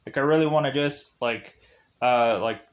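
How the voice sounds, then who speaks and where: A man's voice: medium pitch, moderate pace, muffled recording, pitched below the performer's own voice, lightly acted. A man voicing a movie hitman as a casual, exasperated dude who rambles with lots of fillers. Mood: restless. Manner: rambling, filler-heavy valley-ish phrasing.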